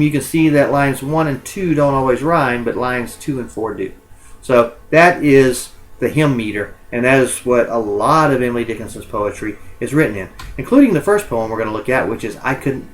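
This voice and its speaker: A male college instructor with a mid-pitched voice gives a loose recorded lecture, peppered with ums and uhs and pausing to correct himself. The audio quality is poor.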